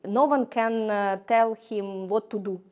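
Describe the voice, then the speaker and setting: A woman giving a lecture in English, halting often with fillers and restarts. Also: medium pitch, darkish tone, lo-fi sound. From Ukraine. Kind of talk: lecture to a class.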